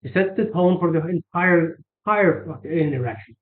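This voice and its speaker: Over a thin, phone-like recording, a man explains sales in a casual instructional way. His voice is fairly high and his pace normal, and he wanders, with restarts and fillers.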